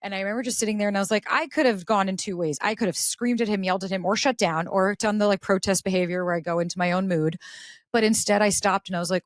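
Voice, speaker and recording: A woman's voice: fairly low pitch, steady tone, quick pace, no echo, studio quality. A woman on a podcast, telling a personal story in casual talk and acting out the voices she quotes. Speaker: podcast guest.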